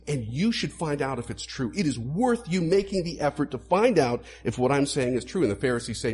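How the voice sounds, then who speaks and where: A man preaching a sermon to a congregation, animated, acting out quoted lines as he explains. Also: mid-range voice, a little fast, few pauses. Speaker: pastor.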